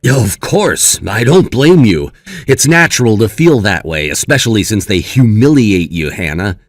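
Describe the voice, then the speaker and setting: A man's voice: fairly low pitch, lively intonation, measured pace, no room sound. A man playing a young brother who comforts his sister in a reassuring, sympathetic way. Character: caring young brother, supportive and indignant.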